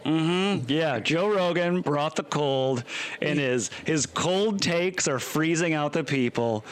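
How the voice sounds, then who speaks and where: A man's voice: fairly high pitch, slow pace. A man co-hosting a comedy podcast, playing a mock interviewer and laughing often. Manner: jokey interviewer, laughs a lot. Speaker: podcast co-host. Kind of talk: casual comedic banter.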